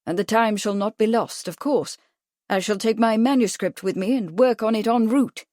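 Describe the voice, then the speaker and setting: Woman voicing a pompous young gentleman, insistent, commanding, higher and louder, storybook. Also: normal speed, no echo, clean studio sound, natural voice. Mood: persuasive.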